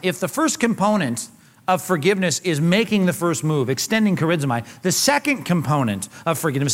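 Man, pastor, sermon, casual storytelling, slightly high voice, long reverb. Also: a bit bright. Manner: conversational storytelling with casual slang.

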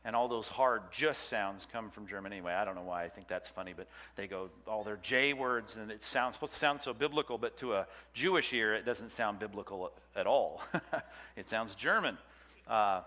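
Teacher, man, bright chatty delivery, quizzes the room, long hall echo. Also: fairly low pitch. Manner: chatty, jokey, quizzes the class. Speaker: Bible teacher. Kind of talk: classroom lecture with audience questions.

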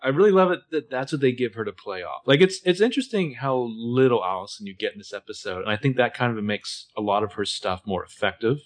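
A man's voice: medium pitch, expressive, fast talker, hardly any pauses. A man co-hosting a podcast, chatting casually as he recaps a TV episode and acts out bits of dialogue. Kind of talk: casual chat.

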